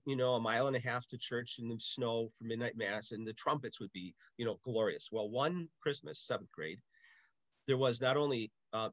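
An older man, a parish music director from Milwaukee, telling stories in a casual interview with lively, acted-out asides. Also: medium pitch, no echo. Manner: animated storyteller, acts out voices in anecdotes.

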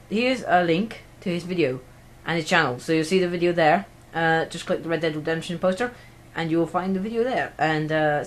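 A man's voice: a little high, slight background noise. A teenage boy, rambling through a casual home vlog recorded on an iPod, giggly and self-mocking. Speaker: vlogger.

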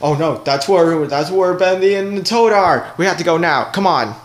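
A man doing an excitable plumber hero. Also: sits high, normal speed. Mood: urgent. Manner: eager, exclaiming, urgent. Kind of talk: plushie video voice acting.

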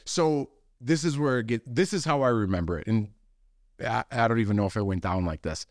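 A man's voice: mid-range voice, brisk, darkish tone, no echo, clean studio sound. A man co-hosting a podcast, chatting casually and playfully retelling a story, acting out the voices of the people in it. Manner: playful, quotes famous movie lines in put-on voices. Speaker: podcast co-host. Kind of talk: casual chat.

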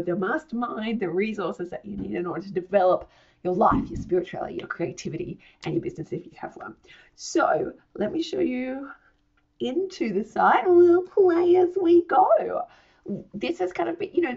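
A bubbly woman talks through a casual promotional walkthrough, her voice husky and hoarse from a chest infection, with a gravelly fry and a breathy edge. She is effusive and swears playfully. The audio is slightly dull and lo-fi. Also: medium pitch. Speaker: founder presenting her online academy.

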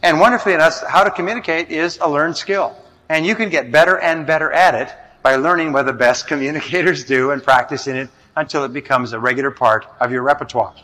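A man giving a self-help talk as a motivational speaker, measured and explanatory, leaning on key words. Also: a little high, sharp tone.

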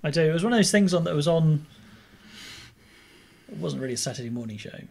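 A man's voice: fairly high pitch, lively intonation, fast talker, creaky, darkish tone. Man hosting a casual podcast. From United Kingdom. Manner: leads the talk and wraps up with listener sign-offs. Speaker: podcast host.

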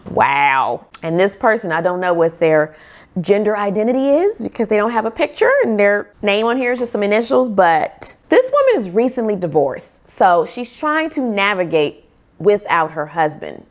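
A woman hosting a casual book vlog, reacting to reviews in an animated, opinionated way. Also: mid-range voice, moderate pace.

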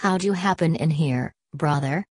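A woman's voice: low-pitched, normal speed, darkish tone, no echo, studio quality. A woman reading a nasal, insistent union chairman. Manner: nasal, pleading for order.

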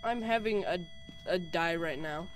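A woman's voice: lowish voice, unhurried, soft background music. Jumpy young woman narrating a horror game. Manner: jumpy and chatty, nervous giggly reactions. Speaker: gaming YouTuber. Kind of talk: solo horror game commentary.

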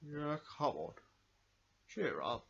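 A man voicing a friendly toy bear who gently comforts a friend in a lo-fi home recording. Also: a little high, big pitch swings, slow pace, gravelly, breathy edge, full character voice. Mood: soothing. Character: friendly toy bear, soft-spoken and soothing.

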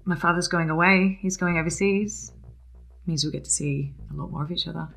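A crime boss's daughter with a lowish, creaky voice. She speaks gently and softly. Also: brisk, faint music behind. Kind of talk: film acting.

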